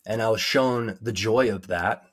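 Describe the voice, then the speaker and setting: Earnest man, low voice. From United States. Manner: halting, many ums, sincere and reflective. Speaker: guest recounting a near-death experience. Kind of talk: earnest personal testimony.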